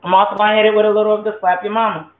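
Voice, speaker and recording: In a kitchen, a home cook with a level, mid-range voice talks at a racing pace to viewers, swearing a lot in a loose, casual cooking vlog. The audio is tinny, phone-like and echoey.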